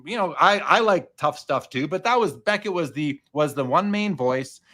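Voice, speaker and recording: A man's voice: a little high, lively intonation, normal speed, bright, forceful tone. A man hosting a casual podcast chat, talking loosely and restarting his sentences often. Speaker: podcast host.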